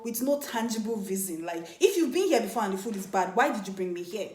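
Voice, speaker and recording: A young woman telling a dating story in a casual, animated vlog, often laughing and mimicking other people. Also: medium pitch, fast, few pauses. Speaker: vlogger. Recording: echoey room.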